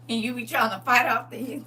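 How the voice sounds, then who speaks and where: A woman hosting a live show who tells comic testimony with lots of drama and laughter. Her voice is bright and sharp and sits a bit high. She sounds a little distant from the mic. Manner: animated, dramatic, laughing often. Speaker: live show host, mother. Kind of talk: comedic storytelling testimony.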